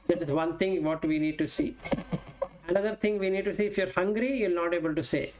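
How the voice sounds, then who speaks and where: A man's voice: high voice, a little hiss or hum, poor audio. A man giving a Buddhist dharma talk, explaining with everyday examples and chanting Pali verses. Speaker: Buddhist Dhamma teacher.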